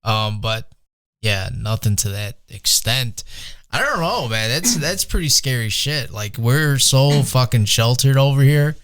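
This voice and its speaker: A man's voice: medium pitch, expressive, measured pace, a bit bright, clear, resonant tone. A man with a Chicago accent, chatting casually on a podcast with dry, wisecracking asides. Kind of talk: casual chat.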